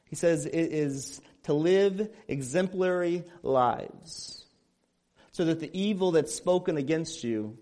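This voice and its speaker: A man from Illinois preaching a sermon as pastor, earnest and emphatic, repeating his points. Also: high-pitched.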